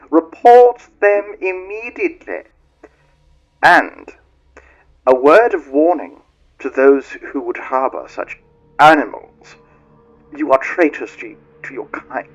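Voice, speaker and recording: A man doing a pompous tyrant rat lord, high lilting voice, slow drawn-out delivery, tinny muffled speaker sound, menacing. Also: exaggerated voice. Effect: tinny muffled speaker pipes.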